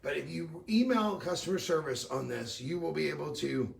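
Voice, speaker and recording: Shopping host: middle-aged man, slightly high, gravelly voice, chatty upbeat sales patter, echoey studio with a distant mic. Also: animated, normal speed. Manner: chatty, upbeat, tells personal stories. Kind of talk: live-stream jewelry sales pitch.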